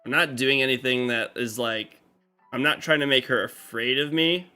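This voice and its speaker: A man's voice: medium pitch, steady tone, moderate pace, bright, forceful tone, clear, resonant tone. A man chatting casually on a live game stream, rambling with lots of fillers and restarts. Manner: rambling, filler-heavy talk with many restarts. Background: faint game music.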